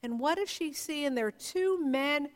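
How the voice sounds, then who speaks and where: A woman pastor preaching a sermon in a church, telling the story slowly and reflectively with dramatic pauses. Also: high-pitched, animated. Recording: long reverb of a large hall.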